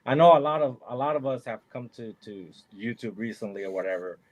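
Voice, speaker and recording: Friendly halting man, mid voice. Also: mid-range voice, animated. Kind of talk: casual chat.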